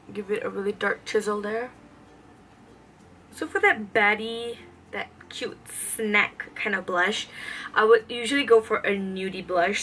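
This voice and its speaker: Young woman, beauty vlogger, crisp bright tone, chatty and rambling. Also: mid-range voice, a little hiss or hum, poor audio. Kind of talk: casual makeup tutorial chat.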